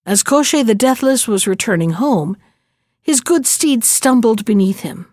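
Slow, dry-voiced woman storyteller. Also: fairly high pitch, animated, darkish tone, no echo. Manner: slow, measured fairy-tale narration. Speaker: narrator. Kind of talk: storybook reading.

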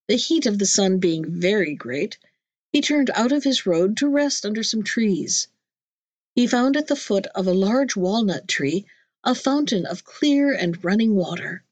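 A woman narrating a classic storybook in a measured, clear reading voice. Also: medium pitch, no room sound. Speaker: audiobook narrator.

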